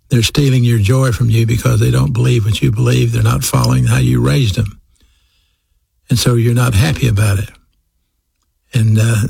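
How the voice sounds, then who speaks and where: Gravelly, husky male preacher. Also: mid-range voice, a little mellow, dry recording. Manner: emphatic, repeats key phrases slowly. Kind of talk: sermon.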